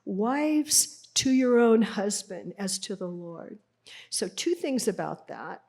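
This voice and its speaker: A middle-aged woman lectures at an unhurried pace. Her pitch sits in an average range. She explains points patiently like a teacher and often turns to the audience with conversational rhetorical questions. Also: very animated, gravelly, a little mellow. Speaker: speaker presenting a Bible translation.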